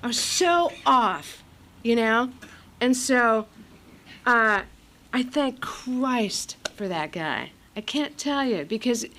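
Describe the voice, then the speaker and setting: A middle-aged Californian woman with a fairly high, fairly bright voice gives a candid recovery share at a meeting. She's blunt, profane and self-mocking, and uses a lot of fillers.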